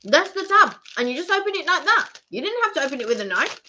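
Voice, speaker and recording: Bright, lively woman teasing her co-host. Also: very high-pitched, fast talker, highs cut off, a little hiss or hum. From England. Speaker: live stream co-host. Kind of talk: casual live-stream chat.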